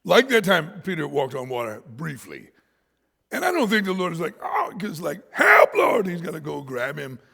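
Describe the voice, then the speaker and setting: Pastor guy preaching, goes from shouting to whispering, raspy voice, big echoey church. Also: fairly high pitch, normal speed. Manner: animated, swings from shouts to whispers, laughs often. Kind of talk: sermon. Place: church sanctuary.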